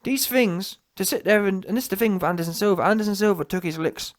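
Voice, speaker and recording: A man's voice: high-pitched, quick pace. Taunting man ranting. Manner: taunting, repetitive, slangy, with frequent "yeah?" tags. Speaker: commentary channel host. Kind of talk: mocking reaction rant.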